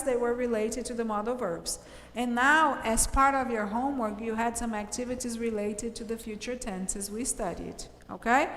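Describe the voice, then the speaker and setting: A woman teaching English explains grammar with patience, pausing to ask "okay?" often so the whole class keeps up. Her pitch is fairly high and her tone a bit bright. The sound is roomy with noticeable reverb.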